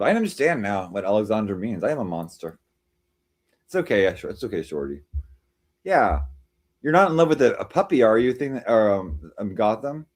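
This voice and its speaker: A man hosting a live stream, chatting casually with viewers and reading their comments, rambling and teasing as he jumps from joke to joke. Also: on the low side. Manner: rambling, teasing, jumps between jokes and chat replies.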